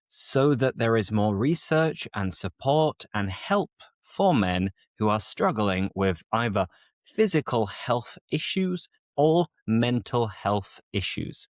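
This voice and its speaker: A British man hosts a podcast for English learners and speaks slowly and clearly. His pitch swings a lot as he jokes and acts out little bits. The sound is dry and close to the mic. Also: no echo. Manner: playful, lively and animated. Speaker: English teacher and podcast host. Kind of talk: slow, clear podcast teaching.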